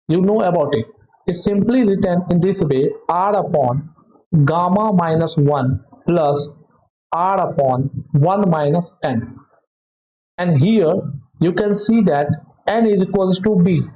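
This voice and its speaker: Halting Indian English physics teacher. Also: male voice, high-pitched. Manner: halting, self-correcting explanation with many "okay"s. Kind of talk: test solution walkthrough. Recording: dull lo-fi audio.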